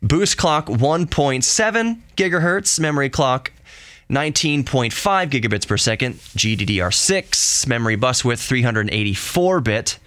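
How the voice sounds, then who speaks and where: A young adult man hosting a solo tech podcast, reading specs aloud with excitable, jokey asides and self-corrections, ending with gentle encouragement. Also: mid-range voice, moderate pace, dry recording, clean studio sound. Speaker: podcast host.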